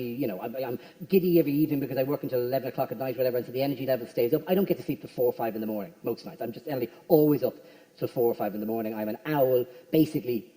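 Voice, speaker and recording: A man doing a stand-up routine, riffing quickly with the crowd in a large venue. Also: medium pitch. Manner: rapid, animated, riffing with the crowd. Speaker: stand-up comedian. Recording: echoey hall from far off.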